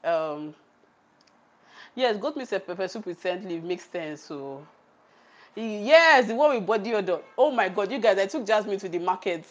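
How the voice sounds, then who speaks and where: A Nigerian-accented woman chats at a middle pitch while she cooks on a camera set on a tripod. She laughs often and reads out her live chat as she goes. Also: animated, moderate pace. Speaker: cooking vlogger. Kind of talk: casual chat on a cooking livestream.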